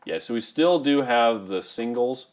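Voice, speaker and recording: A man's voice: mid-range voice, expressive, measured pace. A middle-aged man co-hosting a casual live stream, reading out viewer comments in a dry, matter-of-fact way.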